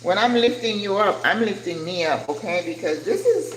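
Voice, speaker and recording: A woman's voice: lowish voice, sing-song, moderate pace, few pauses. An older woman hosting a casual cooking livestream, chatting animatedly and answering viewer comments as she cooks. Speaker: cooking channel host. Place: home kitchen. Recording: echoey kitchen with frying noise.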